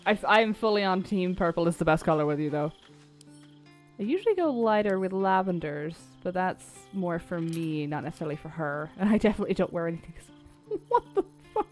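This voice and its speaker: A woman's voice: fairly low pitch, animated, a little fast. A woman streaming a video game, chatting casually, swearing and laughing easily. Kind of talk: casual gameplay commentary. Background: faint game music.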